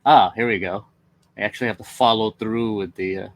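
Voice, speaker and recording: A man's voice: lowish voice, steady tone, fairly quick. A man who is a tech marketing engineer, presenting on a webinar in a casual, upbeat way with some fillers.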